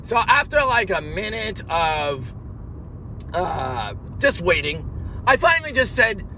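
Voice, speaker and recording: A man delivering a rambling spoken monologue in an agitated way, swinging between shouting and low muttering. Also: sing-song, slow, a little hiss or hum. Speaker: monologue speaker.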